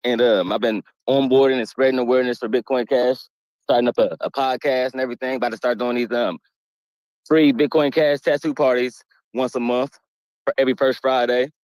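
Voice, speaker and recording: Relaxed man with upbeat slang. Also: mid-range voice, fairly quick, no echo. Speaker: guest tattoo artist. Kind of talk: casual chat.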